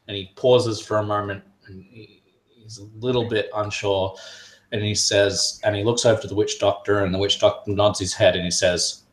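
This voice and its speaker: A man narrating a tabletop game as game master, halting, with many fillers and restarts. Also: fairly low pitch, little pitch movement, echoey room, low-quality recording.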